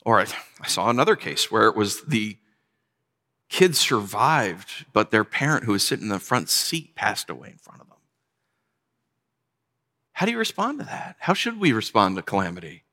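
Male pastor, 40s, conversational sermon delivery, forceful bright tone, church hall reverb. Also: lowish voice, very animated, moderate pace, long pauses. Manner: storytelling, conversational, dropping to quiet for sad moments.

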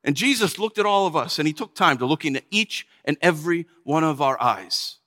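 A man delivering a dramatic first-person sermon, telling the story in an animated, exclamatory way. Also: on the high side, brisk, big-room sound. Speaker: preacher.

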